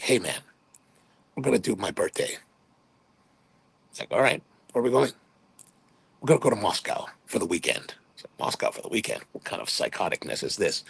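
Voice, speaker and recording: This livestream host, a fifties-aged man from Hawaii, spins rambling, talkative anecdotes and jokingly quotes his own words. His voice is on the low side, creaky and slightly rough, with no room sound.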